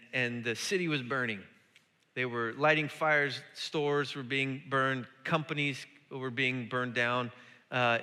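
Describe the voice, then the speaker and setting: A man preaching a sermon as pastor, animated and climbing into emphatic repetition. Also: mid-range voice, clean tone. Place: church sanctuary. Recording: church hall with long reverb.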